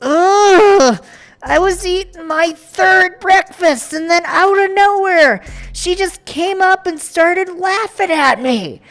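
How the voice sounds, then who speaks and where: A woman's voice: extremely high pitch, fairly bright tone, exaggerated voice. A woman voicing a whiny, hot-tempered young woman caller who shrieks and grumbles in a comedy sketch.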